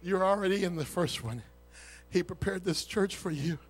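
A man pastor preaching a sermon with an altar call, swinging between shouted fervor and hushed, intimate words. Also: high-pitched, expressive, moderate pace.

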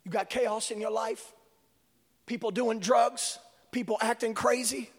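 A male preacher delivering a sermon, swinging from hushed whispers to shouting. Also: very high-pitched, fairly even intonation, measured pace. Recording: long reverb of a large hall.

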